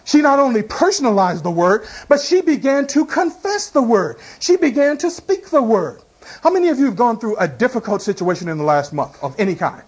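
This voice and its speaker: A man's voice: very high voice, sing-song, fairly quick, breathy edge. A man preaching a sermon as a pastor, asking the congregation rhetorical questions and calling out for amens. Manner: tells everyday illustrations.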